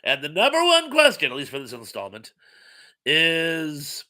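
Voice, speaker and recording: A man's voice: a little high, huge pitch swings, fast talker, sharp tone. A man hosting a casual live stream chat, reading viewer comments aloud in a chatty, rambling way with many filler sounds.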